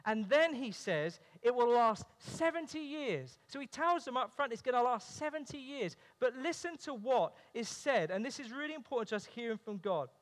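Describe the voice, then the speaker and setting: A man's voice: very high-pitched, lively intonation, moderate pace, hardly any pauses. A man preaching a sermon in a church, earnest, with humorous family stories. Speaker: pastor. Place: church sanctuary. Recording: long reverb of a church hall.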